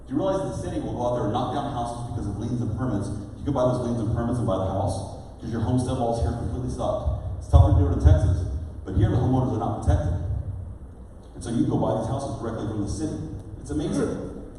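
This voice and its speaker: A middle-aged man giving a motivational seminar speech, energetic and firing rhetorical questions at the crowd. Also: medium pitch, fast, slight background noise. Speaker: real estate seminar speaker. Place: large event hall. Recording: echoey hall recording from far off.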